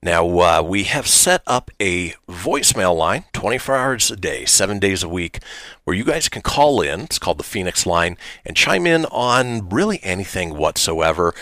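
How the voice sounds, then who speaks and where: A man hosting a radio talk show in a very low voice that swings up and down a lot as he talks. He speaks loosely and wryly, with frequent "uh" fillers, into a dry, close studio mic. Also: big pitch swings, normal speed, fairly bright tone, no echo. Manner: loose and conversational, many uh fillers, wry.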